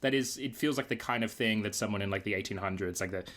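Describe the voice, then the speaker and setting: A man's voice: lowish voice, quick pace, a bit bright. A man in casual chat with friends, incredulous and emphatic, swearing often. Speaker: co-host friend.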